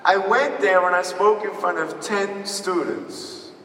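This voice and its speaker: A man giving a live motivational talk, telling a personal story in an animated way and acting out the dialogue. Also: sits high, takes it slowly, distant mic, some chatter behind. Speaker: motivational speaker. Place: large hall before an audience. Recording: echoey hall picked up from afar.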